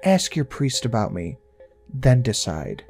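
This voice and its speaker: A man's voice: medium pitch, big pitch swings, unhurried, darkish tone, faint music behind. A man voicing an eerie woman who talks in a childlike voice, mocking and menacing.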